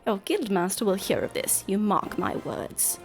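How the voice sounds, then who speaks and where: A woman's voice: medium pitch, animated, unhurried, gravelly, faint music behind. A woman voicing an indignant young would-be guild initiate in a game, huffy and raised.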